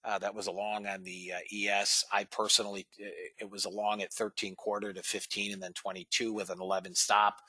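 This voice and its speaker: A man with a low voice and a bright, forceful edge, hosting a live trading room. He talks casually to the viewers as guys and fellas and reads out trade figures. The sound is dry and close. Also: little pitch movement, fairly quick, few pauses, slightly rough, no echo.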